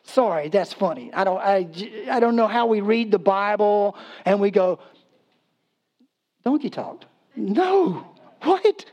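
A man's voice: high-pitched, moderate pace, muffled recording. A man preaching a sermon in a casual, humorous storytelling way, acting out voices and laughing as he goes. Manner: acts out voices in quotes, animated. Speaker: pastor.

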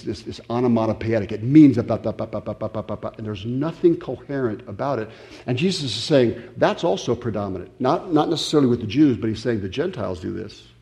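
A male pastor preaching in a loose, conversational way, full of fillers and restarts. His voice is mellow and warm. He sits in the middle range of pitch and keeps stopping to question his listeners. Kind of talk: sermon.

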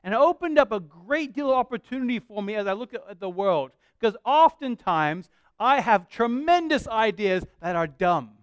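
A man from Australia, a pastor with an Australian accent worn toward American, preaching a sermon in an earnest, conversational way with dramatic pauses. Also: high-pitched, animated, smooth, no echo, studio quality. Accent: Australian mixed with American.

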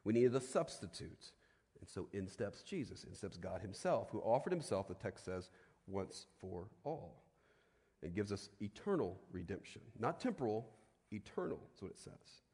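A man's voice: lowish voice, very animated, breathy edge. Preaching man in a reverberant hall. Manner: conversational preaching with frequent tag questions; drops to a hushed, slow voice for solemn points. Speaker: pastor. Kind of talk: sermon.

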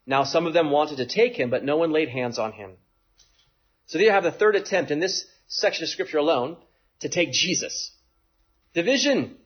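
Husky-voiced man preaching with animation. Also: a little high, muffled recording. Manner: animated, acts out quoted voices, frequent "right?". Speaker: pastor. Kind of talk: sermon.

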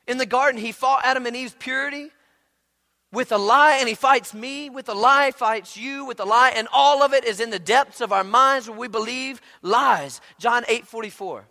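A pastor preaches with a bright, high voice and an animated, chatty delivery. He slips into quoted asides to make his points. The sound carries a long, ringing reverb from a large sanctuary. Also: normal speed. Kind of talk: sermon. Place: church sanctuary.

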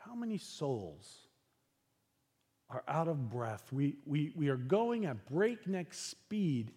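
A man preaching a sermon as pastor, earnest and unhurried, dropping into soft, hushed passages. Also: fairly high pitch, very animated, slightly rough, big-room sound.

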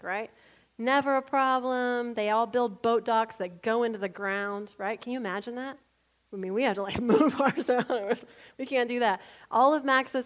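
A woman delivers a sermon built on personal stories, her voice sitting at an ordinary middle pitch. She talks in an animated storytelling way, laughs readily, and sinks to a near whisper when she quotes a prayer. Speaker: preacher.

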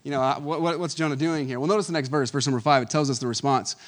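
A man in his thirties preaching a conversational Sunday sermon. He is animated and chuckles often, swinging between loud emphasis and quiet asides. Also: medium pitch, very fast. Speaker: pastor.

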